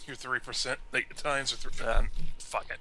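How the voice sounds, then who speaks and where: Male co-host with a sharp bright voice, rambling and casual. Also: mid-range voice, level tone, a little fast, a little hiss or hum. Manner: rambling, self-correcting. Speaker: podcast co-host. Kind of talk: casual comedic podcast banter.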